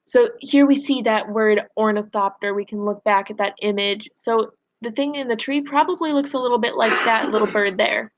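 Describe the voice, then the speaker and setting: Female teacher, higher register, animated read-aloud of a novel for students. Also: moderate pace, few pauses. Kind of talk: reading a novel aloud in a recorded lesson.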